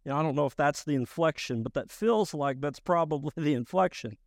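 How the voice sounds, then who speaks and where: A man preaching a sermon as pastor, emphatic and rising to loud bursts. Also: a little high, brisk, creaky, no room sound, clean studio sound.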